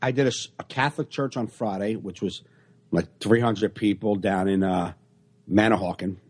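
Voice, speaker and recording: A man's voice: fairly low pitch, normal speed, breathy edge. A man, a stand-up comedian, telling stories in a casual podcast chat over a video call and acting out the exchanges. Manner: animated storyteller acting out exchanges.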